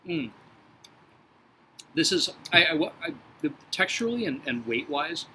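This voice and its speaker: A man hosting a casual whiskey review, talking through tasting notes in a measured, descriptive and reflective way. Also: a little high, sing-song, bright, forceful tone, slight background noise, poor audio.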